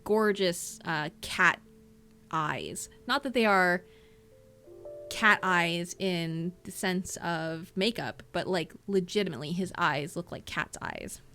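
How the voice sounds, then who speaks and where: A woman's voice: fairly low pitch, takes it slowly, pushed and bright, faint music behind. A woman running a tabletop game as game master, describing scenes in a rambling, descriptive way full of fillers.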